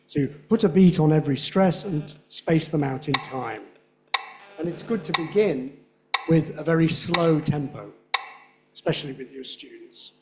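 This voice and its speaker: A man's voice: fairly high pitch, moderate pace, background noise. Man lecturing with tag-question checks. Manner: frequent "yeah?" checks, demonstrates rhythms by tapping and chanting syllables. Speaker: lecturer on English pronunciation. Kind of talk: conference lecture. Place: lecture hall.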